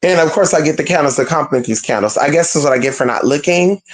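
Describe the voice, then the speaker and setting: Animated, profane spiritual vlogger. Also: mid-range voice, fast talker. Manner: animated, profane, slangy, addresses viewers as "y'all". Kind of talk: casual storytelling to viewers.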